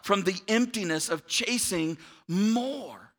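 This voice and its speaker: A man's voice: high voice, a little slow, creaky, hardly any pauses. A man, a pastor giving a conversational sermon to a church audience, often checking in with "right?". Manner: conversational, animated, asks the room "right?".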